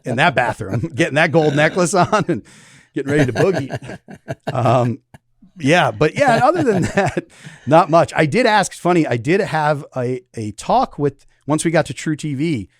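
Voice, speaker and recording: A man's voice: on the high side, expressive, normal speed, no room sound, clean studio sound. A man hosting a podcast in casual chat. He rambles loosely and laughs often. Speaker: podcast host.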